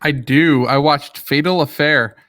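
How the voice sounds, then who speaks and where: A man co-hosting a casual podcast, describing a movie hesitantly with many pauses. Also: a little high, bright, forceful tone. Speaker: podcast co-host. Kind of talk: casual chat.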